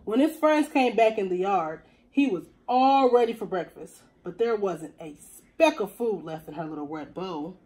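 A woman teacher reading a picture book aloud to young children in an expressive storytelling voice. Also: mid-range voice, normal speed, few pauses, poor audio.

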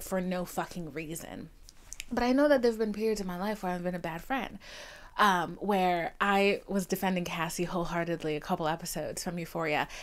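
Chatty, profane young woman. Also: lowish voice. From Haitian family. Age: 20s. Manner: chatty, profane, animated quoting. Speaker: podcast host. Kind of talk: casual confessional monologue.

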